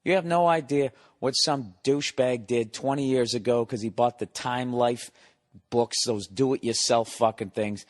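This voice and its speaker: A comedian hosting a podcast, telling a long profane story in a casual monologue, exasperated and sarcastic. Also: male voice, medium pitch, unhurried.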